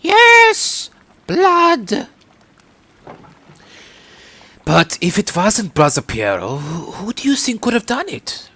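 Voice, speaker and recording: A man's voice: a little high, huge pitch swings, normal speed, a bit bright, slight background noise, pitched above the performer's own voice, heavily acted. A man doing a swooping, earnest village printer. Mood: curious. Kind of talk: let's-play character voicing.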